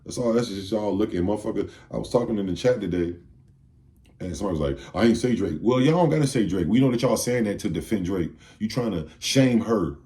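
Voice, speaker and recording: A man's voice: lowish voice, lively intonation, brisk, mellow. A man giving a heated, profane commentary rant, firing off rhetorical questions. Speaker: video commentator.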